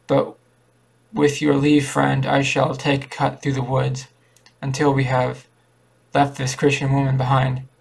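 A wary young husband who is easily nettled, from a spooky story read aloud, voiced by a man. The voice stays low-key and flat, rough with heavy vocal fry and little change in pitch. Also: a little slow, exaggerated voice, poor audio. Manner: flat, barely changed reading voice.

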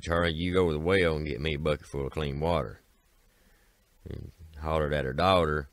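A man's voice: extremely low pitch, no echo. A man with an Appalachian accent telling a folk tale in a folksy way, starting lines with "said" and doing the characters' voices. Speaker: storyteller.

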